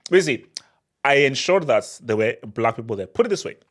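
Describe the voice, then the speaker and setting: A man hosting a casual live question-and-answer stream, talking in an animated way with many restarts and frequent laughter. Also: mid-range voice, a little fast. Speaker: football channel host.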